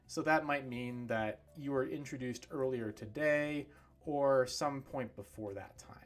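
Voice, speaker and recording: A man teaching English pronunciation on a livestream, demonstrating sounds slowly and clearly. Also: medium pitch, soft background music. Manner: slow, clear over-articulated demonstrations.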